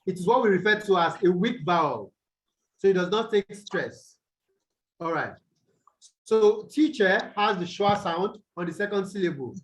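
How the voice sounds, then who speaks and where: A man's voice: sits high, expressive, normal speed, rough recording. A Nigerian man teaching English over a video call, repeating points and quizzing his students with "what?" prompts. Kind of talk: online tutorial lecture.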